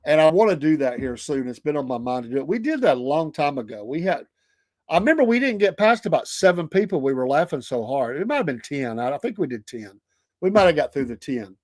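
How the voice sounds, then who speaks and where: A middle-aged man with a Southern drawl spins stories in a relaxed, chatty way, often breaking into laughter and little acted voices. His voice sits a bit high for a man. The sound is dry and close to the mic. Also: fairly quick, dry recording. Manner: animated, laughing storyteller who acts out quoted voices. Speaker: podcast host. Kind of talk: casual storytelling chat.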